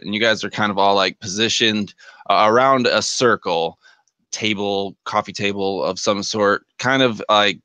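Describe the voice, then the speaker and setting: A man's voice: lowish voice, pushed and bright, clear, resonant tone, no room sound. A man narrating as game master of a tabletop game, rambling with many fillers.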